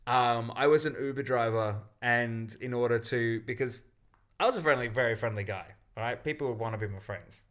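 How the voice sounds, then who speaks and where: A man with a bright, forward voice rambles through a self-mocking story, co-hosting a casual comedy podcast. His talk is loose and jokey, with quick asides. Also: mid-range voice. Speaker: podcast co-host.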